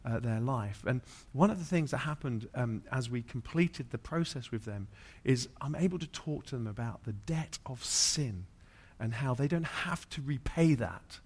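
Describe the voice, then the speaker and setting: A man's voice: medium pitch, animated, moderate pace, few pauses, slightly rough. A man, a pastor, preaching through an anecdote, with many fillers and restarts. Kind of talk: sermon storytelling.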